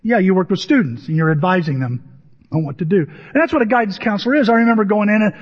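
Conversational male preacher, fairly high husky voice, reverberant room. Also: lively intonation, quick pace. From Southern Illinois, USA. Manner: conversational, asks the audience questions. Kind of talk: storytelling sermon. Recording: dull recording in a reverberant hall.

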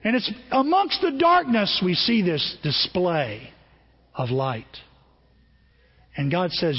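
Animated preaching man in a reverberant hall. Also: sits high, slow pace, long pauses, husky, lo-fi sound. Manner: animated, conversational preaching with rhetorical questions. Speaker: pastor. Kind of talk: sermon.

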